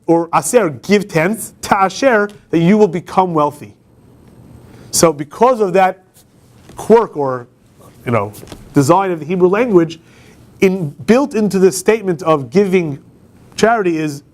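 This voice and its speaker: A man, a campus rabbi, giving an informal classroom lecture, talking conversationally and putting questions to the class. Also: on the high side. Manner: conversational, asks the class questions, frequent restarts. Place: law school classroom.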